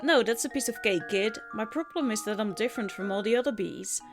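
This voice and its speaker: A woman voicing a glum little male honeybee in a video game, in a lower, muttering voice. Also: a little fast, music in the background, lightly acted.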